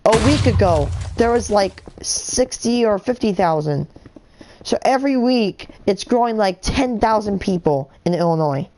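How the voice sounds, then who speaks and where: A woman's voice: mid-range voice, expressive, a little slow, warm tone, a little hiss or hum. A woman streaming a game live, ranting in a heated, indignant way with lots of fillers and restarts. She is from the United States. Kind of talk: rambling live-stream rant while gaming.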